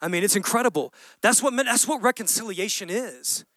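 A man's voice: high-pitched, animated, fairly quick, bright, forceful tone, dry recording. A man preaching a sermon, impassioned and pleading, in a dry close recording. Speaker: pastor.

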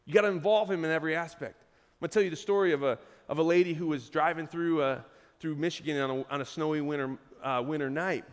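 A man preaching a sermon as pastor, telling a story with lively quoted voices. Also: a little high, quick pace, long reverb tail.

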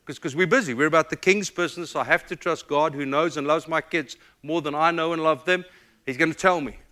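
A middle-aged man from the United States, a pastor, telling personal stories in a sermon with emotional, animated delivery. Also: fairly high pitch, a little fast. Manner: emotional, animated storytelling with quoted voices. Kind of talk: storytelling sermon.

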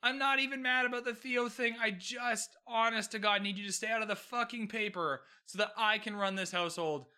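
Brief: a man doing an exasperated eldest brother, pleading and swearing, in a bright, high voice. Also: fairly quick, few pauses, smooth. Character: exasperated eldest brother, male head of family.

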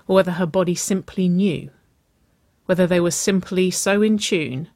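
A reader narrating a romance story in a slow, soft, intimate way. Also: medium pitch, no echo. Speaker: audiobook reader.

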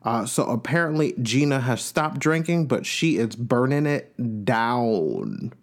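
A man's voice: mid-range voice, sing-song, a little slow. A man from Long Island, New York, hosting a podcast and giving a chatty, gossipy recap of a reality show with playful asides. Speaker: podcast host.

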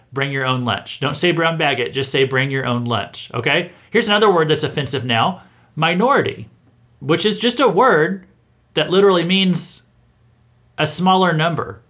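A man's voice: a little high, fairly bright tone. A man hosting an opinion commentary show, reading out a list with sarcastic, incredulous asides and chuckles.

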